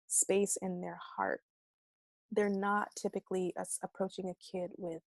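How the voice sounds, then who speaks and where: Animated woman coaching in a dry room. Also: mid-range voice, creaky, no room sound. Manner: animated and expressive, acting out quoted voices; casual speech with mild swearing. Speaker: self-love coach leading a class. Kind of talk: casual conversational teaching.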